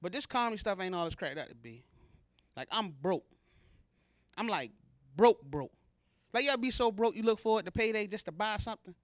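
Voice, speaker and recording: A man's voice: high voice, expressive, a little fast, long pauses, no echo. A man from Baltimore performing a stand-up comedy set on stage, talking in a loose, conversational, self-mocking way. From Baltimore, USA. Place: comedy show stage before a live audience.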